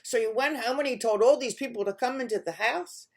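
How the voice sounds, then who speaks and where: A woman telling a folk tale to children, expressive and lively, imitating animal noises. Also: a little high, a little fast. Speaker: storyteller.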